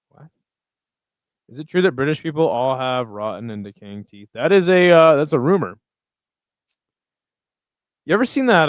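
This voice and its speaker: A young man hosts a casual live chat, rambling loosely with plenty of swearing. His voice is smooth and clean, set at an ordinary middle pitch. It sits dry and close, with no room around it. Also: dry recording. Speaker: livestream host reading chat.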